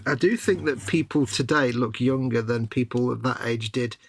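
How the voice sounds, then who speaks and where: A man's voice: mid-range voice, normal speed, slight background noise. A middle-aged man co-hosting a live hobby stream, trading dry, wry quips in casual banter.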